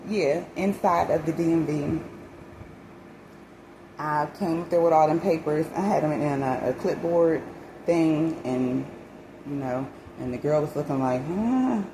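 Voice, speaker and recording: Animated woman vlogger over background hiss. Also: low-pitched, unhurried. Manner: animated, dramatic retelling with quoted voices and religious exclamations. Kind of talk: casual storytelling vlog.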